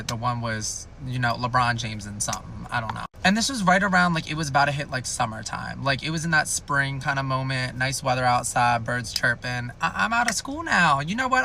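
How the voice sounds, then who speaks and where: A man's voice: medium pitch, gravelly, sharp tone, a little hiss or hum. A young man telling a rambling, jokey storytime in a chatty way. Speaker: storytime youtuber. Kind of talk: casual storytime.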